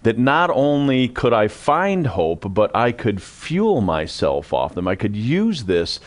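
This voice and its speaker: A man's voice: medium pitch, very animated, slow. A man hosting a ministry talk show, earnestly encouraging the audience and prompting his guest. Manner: earnest, exhorts the audience directly.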